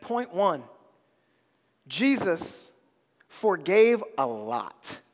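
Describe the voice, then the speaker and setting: A man's voice: sits high, very animated, drawn-out words, big-room sound. A man preaching a sermon, with emphatic repetition and casual slang.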